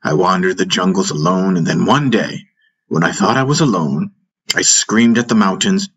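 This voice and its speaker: A man narrating an audiobook in the first person, in a measured, solemn way. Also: low-pitched, fairly bright tone, husky, highs cut off.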